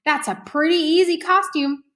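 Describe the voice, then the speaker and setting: A woman's voice: extremely high pitch, fairly even intonation, moderate pace. Woman doing a kind storybook mom. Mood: gentle. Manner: kind, gently corrective. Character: warm caring mother, gently scolding.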